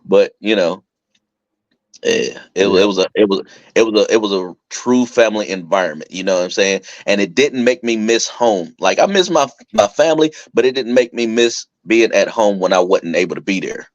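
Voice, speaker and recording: A young man chatting casually on a podcast, telling stories with lots of laughter and acting out quotes in a higher voice. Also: normal speed, no echo, highs cut off. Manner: animated storyteller, acts out quotes in a higher voice, laughs often. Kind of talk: casual chat.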